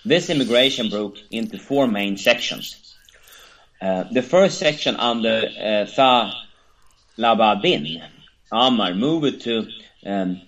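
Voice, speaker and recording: A man co-hosting a talk show, reading a history text aloud in a halting, hesitant way, with many fillers and stumbles over names. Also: fairly low pitch, expressive, a bit bright, poor audio. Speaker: podcast co-host.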